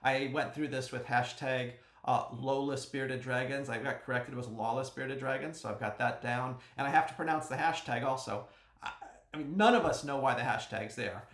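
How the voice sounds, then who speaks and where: A man hosting a casual fantasy sports podcast, chatty and joking, sometimes bursting into a yell. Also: medium pitch, normal speed, echoey room. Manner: chatty and joking, with sudden yells. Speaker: podcast host.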